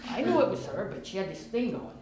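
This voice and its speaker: A woman voicing a cocky middle-aged husband who talks smugly in a lowered voice. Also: big pitch swings, fast, crowd noise, close to an everyday voice. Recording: roomy live stage, audible noise.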